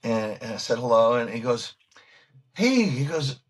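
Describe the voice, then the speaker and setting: A man who is a guest musician telling stories in an interview, excitable and animated, acting out what other people said. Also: mid-range voice, measured pace. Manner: excitable, acts out quoted voices, frequent restarts.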